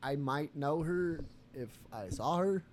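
A man's voice: fairly high pitch, expressive, takes it slowly, slight background noise. A man guest on a podcast in casual chat, laid-back and joking, laughing often.

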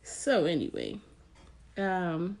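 A woman's voice: fairly low pitch, wildly swooping pitch, slow pace, gravelly, a little mellow. A woman interviewing her son in a casual chat, teasing and blunt.

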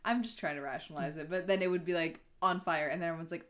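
A woman's voice: lowish voice, quick pace, hardly any pauses. A young woman co-hosting a casual podcast. She teases her co-host, laughs often and pokes holes in the stories with a skeptical edge. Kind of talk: casual chat.

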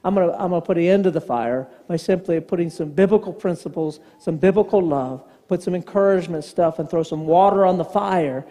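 A man's voice: sits high, a little fast, hardly any pauses, mellow. A man preaching a sermon as pastor, telling stories and acting out the dialogue in them. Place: church sanctuary. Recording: long church hall reverb.

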